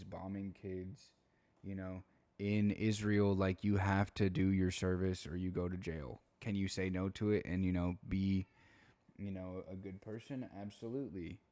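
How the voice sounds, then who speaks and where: A man's voice: deep voice, dark tone, no room sound. A young man talking through a late-night commentary video at home, laid-back and slangy, tired and yawning between points. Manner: laid-back, slangy, rambling with frequent fillers. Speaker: commentary YouTuber.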